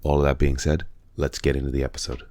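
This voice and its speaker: A man in his thirties co-hosting a podcast, chatting casually with dry, relaxed banter. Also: a bass voice, fast talker, background noise. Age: 30s. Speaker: podcast co-host. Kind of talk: casual chat.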